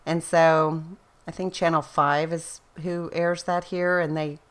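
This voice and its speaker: A woman's voice: low-pitched, flat delivery, a little slow, clean tone. A middle-aged woman, a scrapbooking vlogger rambling in casual, chatty storytelling and laughing often. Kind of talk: casual chat.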